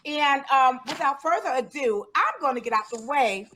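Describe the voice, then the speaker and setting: A woman's voice: high voice, lively intonation, normal speed, sharp tone, slight background noise. A woman hosting an online music panel, effusive and exuberant, often repeating her phrases. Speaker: panel host. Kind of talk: enthusiastic live panel hosting.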